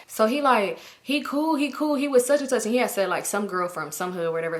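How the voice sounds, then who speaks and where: A woman, telling a story in a casual vlog and acting out everyone's lines with big jumps in her voice. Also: fast. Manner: animated, acts out quotes with big pitch jumps. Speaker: storytime vlogger.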